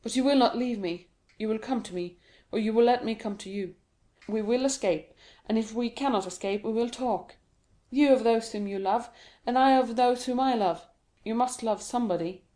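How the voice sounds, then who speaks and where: A woman doing a young guy locked up, begging and earnest, mellow dark voice. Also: fairly high pitch, moderate pace, few pauses, close to an everyday voice. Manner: earnest, imploring. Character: desperate young male prisoner, pleading.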